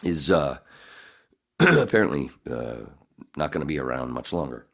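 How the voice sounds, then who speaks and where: A man's voice: a bass voice, sing-song, measured pace, vocal fry, fairly bright tone. A middle-aged man hosting a podcast in casual chat, rambling and swearing, often laughing. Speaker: podcast host.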